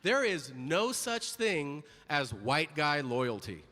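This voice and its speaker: Male stand-up comic, animated delivery with sudden high character voices, live club recording with long hall reverb. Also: slow pace. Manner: animated, jumps into high-pitched voices for quoted people. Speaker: stand-up comedian. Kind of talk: stand-up comedy routine. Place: comedy club stage. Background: audience laughter.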